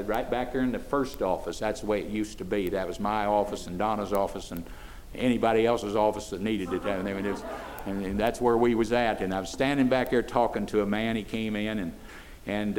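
A man's voice: fairly low pitch, a little mellow. An older man, preaching a sermon in a folksy way that builds to fervent emphasis. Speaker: pastor.

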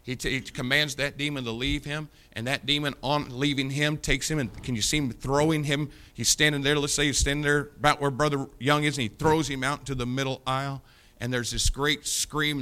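A man preaching an impassioned sermon, swinging from loud declarations to low, confiding asides. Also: fairly even intonation, moderate pace, clean tone. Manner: impassioned, rises loud on key points, drops low to confide.

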